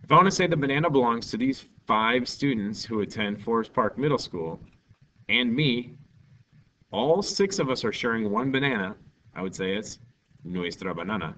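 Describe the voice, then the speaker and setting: He teaches Spanish with a cheerful, joking energy, playing out small scenes for the class. His voice sits on the low side, fairly quick and fairly bright, with lively intonation. The distant, dull lo-fi recording carries faint ambience and a little hiss or hum.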